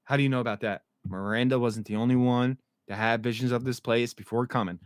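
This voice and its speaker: A man casually recapping TV episodes, excited and swearing, acting out the characters' lines as he goes. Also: medium pitch, a little fast, clean tone, no echo. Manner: excited, swearing, acts out quotes. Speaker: show recap host.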